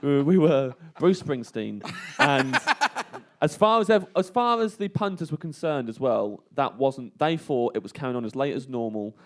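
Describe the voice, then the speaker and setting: A man, a comedian, telling a funny story in an animated way at a live stage show, laughing through his own tale. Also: a little high, normal speed, creaky.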